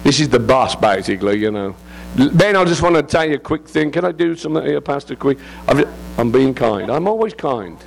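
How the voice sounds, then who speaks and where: Joking English missionary preacher. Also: male voice, mid-range voice, animated, brisk, vocal fry, slight background noise. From England. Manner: joking, rambling, laughs often. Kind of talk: informal sermon.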